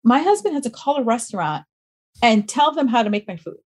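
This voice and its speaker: A woman's voice: on the high side, big pitch swings, fairly quick, slight background noise. A woman in her thirties, a trainer and podcast guest, animatedly telling a personal story and acting out quotes. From US East Coast. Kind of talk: casual interview storytelling.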